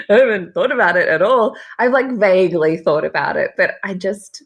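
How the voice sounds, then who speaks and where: A woman's voice: mid-range voice, sing-song, moderate pace. A young Australian woman, a podcast guest, chatting casually and laughing often as she acts out quoted conversations. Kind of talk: casual chat.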